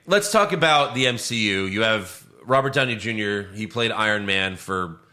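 A man in casual movie-review chat, ranting with swearing, his voice jumping high when he gets outraged. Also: expressive, normal speed, bright, forceful tone. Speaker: podcast co-host.

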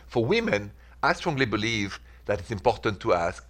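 French-accented male advice host, lowish voice, relaxed and chatty. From France. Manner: relaxed, chatty, with filler pauses. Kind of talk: call-in advice talk.

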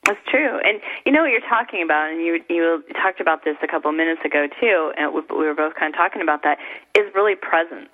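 A woman's voice: sits low, lively intonation, quick pace. A woman hosting a casual talk, speaking with enthusiasm in spiritual self-help phrasing. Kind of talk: casual conversation. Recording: phone-like narrow sound.

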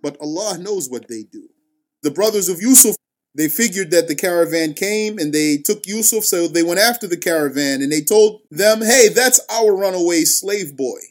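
A man telling a religious story, reciting scripture, then explaining it line by line in a slow, deliberate manner. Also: a little high.

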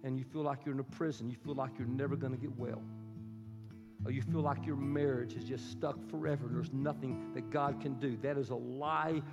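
A man preaching a sermon as a pastor, swinging from loud, soaring lines to hushed whispers. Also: medium pitch, fairly even intonation, a little fast. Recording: reverberant hall with music underneath. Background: soft guitar music.

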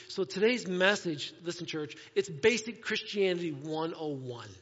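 A man preaching a sermon in a conversational way, moving between playful asides and hushed, earnest moments. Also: high-pitched, expressive, normal speed, few pauses, big-room sound, dull audio. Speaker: pastor. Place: church sanctuary.

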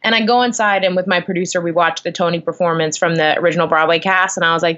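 A young woman telling a story in a casual chat, animated and full of fillers. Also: fairly low pitch, quick pace, hardly any pauses. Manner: animated, lots of likes and ums. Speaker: guest. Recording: dull lo-fi sound.

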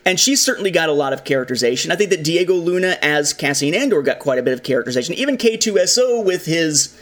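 A man with a somewhat high voice hosts a casual discussion about films. He talks with animation, leaning into the lines he quotes. His delivery stays loose and conversational. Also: animated, fast, a bit bright. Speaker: podcast host.

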